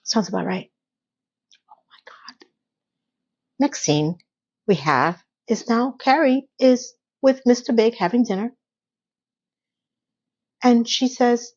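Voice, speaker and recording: A woman giving a casual, animated recap of a TV episode, telling the story with voiced quotes. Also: fairly high pitch, slow, long pauses, lo-fi sound. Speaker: TV recap vlogger.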